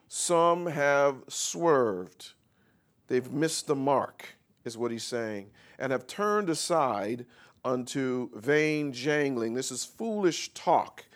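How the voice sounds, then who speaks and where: A man preaching a sermon, reading scripture slowly and explaining it, calling out questions for the congregation to answer. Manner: call-and-response with the congregation; reads scripture slowly then explains, rising louder and higher.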